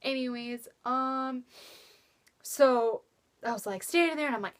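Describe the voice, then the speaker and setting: Rambling young woman, slightly high voice. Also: a little slow, bright, forceful tone. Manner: rambling, swears freely, leans on fillers; acts out quotes with jumps in pitch. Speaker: vlogger. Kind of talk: casual storytelling.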